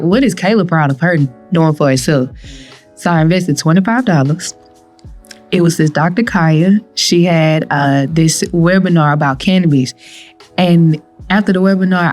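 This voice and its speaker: A young adult woman, a guest on an interview podcast, telling her own story in an animated way. She acts out what she and others said, and often laughs as she goes. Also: fairly low pitch. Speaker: guest, cannabis entrepreneur with a pharmacy doctorate.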